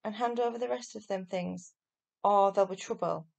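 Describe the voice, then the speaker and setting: A woman's voice: medium pitch, normal speed, vocal fry, warm tone. A woman reading aloud and voicing a sly male burglar who coaxes with slang, then snarls. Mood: snarling. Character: gruff, sly adult male burglar, turns nasty.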